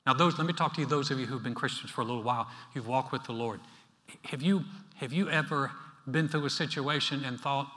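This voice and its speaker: A male pastor preaching a sermon in a church, talking in a conversational, animated way with playful asides. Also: medium pitch, brisk. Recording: reverberant hall.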